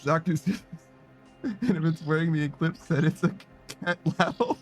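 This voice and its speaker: Male game streamer, higher-pitched, casual and rambling, cursing and laughing, faint music under. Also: animated, moderate pace. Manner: rambling, swears often, laughs a lot, reads chat aloud. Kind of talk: casual livestream chat.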